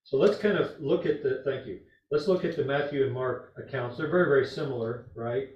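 A man's voice: medium pitch, a little fast. A man teaches a small group Bible study, talking conversationally with fillers and a teasing edge. He sounds far from the mic, in a roomy space. The recording is somewhat dull.

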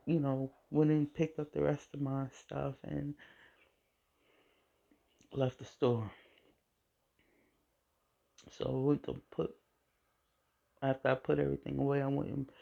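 A woman hosting a podcast, telling a personal faith testimony in an emotional, halting way and often repeating her phrases. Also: rumbling low, gravelly, mellow. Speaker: podcast host. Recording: dull lo-fi recording.

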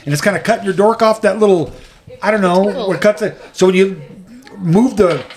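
A man's voice: high-pitched, a little fast. A man in his fifties hosting a podcast, telling rambling stories and laughing as he talks. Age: 50s. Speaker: podcast host. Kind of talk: casual podcast chat.

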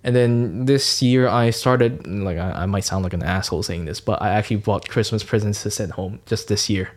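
Frank young man, low voice. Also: normal speed. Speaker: podcast co-host. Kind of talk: casual chat.

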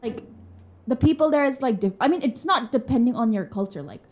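A woman's voice: a little high, lively intonation, fairly quick, darkish tone. Chatty young woman podcast co-host. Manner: chatty, filler-heavy, candid and laughing. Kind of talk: casual chat. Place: room with a glass wall.

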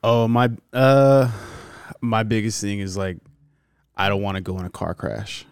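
A man's voice: on the low side, a little slow, clear, resonant tone, no echo, studio quality. A man in casual podcast chat, laid-back and teasing his friend.

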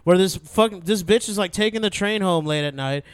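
A man in casual podcast chat, crude and halting, full of fillers. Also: high voice, clear, resonant tone, no room sound.

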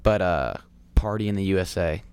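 A man's voice: deep voice, brisk, darkish tone, clear, resonant tone. A teenage boy hosting a casual podcast chat, joking and moving the segments along. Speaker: podcast host.

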